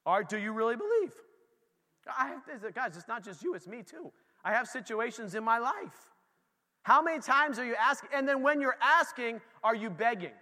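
High bright preacher in a hall. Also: male voice, moderate pace. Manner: animated, talks straight to the congregation. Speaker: pastor. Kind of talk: casual conversational sermon.

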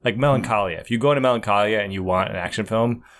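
A man's voice: lowish voice, rapid-fire, fairly bright tone. A man chatting casually on a podcast, rambling and hesitant, joking now and then. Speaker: podcast guest. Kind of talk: casual chat.

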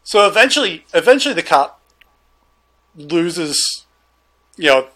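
A man who sells guns has a voice on the high side and speaks a little slowly as he shares a story informally. He tells it in a loose, animated style, acting out the exchanges.

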